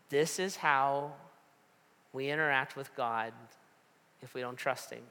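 A man's voice: medium pitch, steady tone, unhurried, long pauses, sharp tone, clear, resonant tone, big-room sound. A man preaching a sermon, talking like a conversation, telling stories and asking repeated rhetorical questions. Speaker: pastor.

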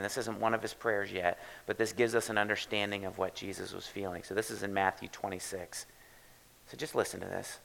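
Gravelly-voiced pastor preaching a sermon. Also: male voice, fairly low pitch, low-quality recording. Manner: conversational, with restarts and soft, hushed stretches. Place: church.

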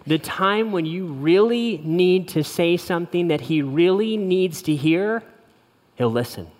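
A middle-aged man preaching a sermon on marriage, telling stories lively and acting out quotes in a raised voice. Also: sits high, measured pace. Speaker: pastor. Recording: long reverb of a large hall.

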